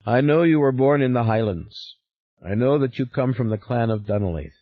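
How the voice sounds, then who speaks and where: A man's voice: mid-range voice, animated, moderate pace, no room sound, muffled recording, pitched above the performer's own voice, lightly acted. A man reading an audiobook, voicing an insistent, powerfully built stranger who speaks urgently and presses his point. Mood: intense. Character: powerful northern European man, insistent, knowing.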